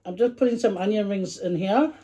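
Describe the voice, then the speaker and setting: Mellow-voiced mum chatting over food. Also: female voice, medium pitch, brisk, slight background noise. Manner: chatty, talks while chewing, hums over food. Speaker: vlogger eating with her daughter. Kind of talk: casual mukbang chat.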